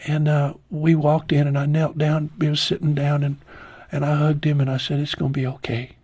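Husky man in his sixties telling a grief story. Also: completely flat delivery, no room sound. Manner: slow, heartfelt storytelling, voice dropping low and soft at painful moments. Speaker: interview guest. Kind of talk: personal testimony in an interview.

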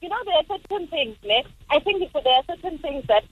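A woman's voice: high-pitched, expressive, fast, dry recording. A South African woman calling in to a radio show, venting emphatically. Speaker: caller. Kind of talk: casual phone-in chat. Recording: tinny phone line.

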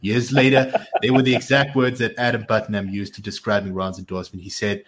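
A man's voice: medium pitch, a bit bright, natural voice. A man voicing a boastful, blustering male politician in a comic impression, reading a statement aloud with bragging claims and mocking nicknames.

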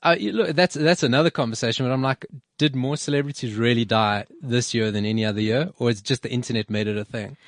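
A man hosts a radio show in loose, casual chat. His voice sits at an ordinary pitch, and he wanders through his points with frequent restarts. The sound is close and dry. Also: fast talker, no room sound. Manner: rambling, with many restarts and fillers.

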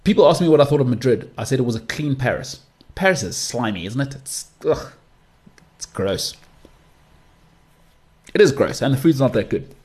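A man's voice: mid-range voice, expressive, a little fast, long pauses, a little mellow. A young man hosting a solo podcast, talking in a chatty, rambling way with mocking asides. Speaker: podcast host.

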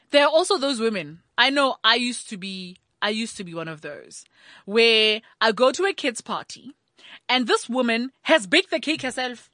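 A woman's voice: a little high, no room sound, clean studio sound. Sassy South African woman ranting. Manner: sassy, animated, peppered with rhetorical "eh?" asides. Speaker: mother of several children. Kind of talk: comic monologue rant.

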